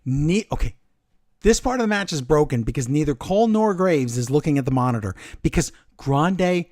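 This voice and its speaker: A man's voice: on the high side, moderate pace, no room sound, clean studio sound. A man co-hosting a podcast, chatting casually and acting out quotes as he retells a match. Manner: animated storytelling, acting out quotes. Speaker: podcast co-host. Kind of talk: casual wrestling chat.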